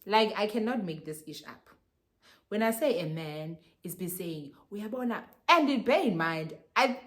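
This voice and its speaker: A young woman telling a story to her viewers in a casual, animated way, switching between languages and often calling out to them. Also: fairly low pitch. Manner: animated, code-switching, addresses viewers as guys.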